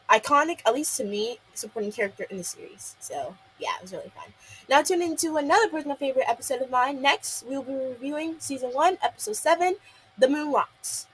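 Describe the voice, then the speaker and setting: A woman's voice: fairly high pitch, a little hiss or hum, rough recording. A young woman reviewing a cartoon episode in a casual, rambling recap full of fillers.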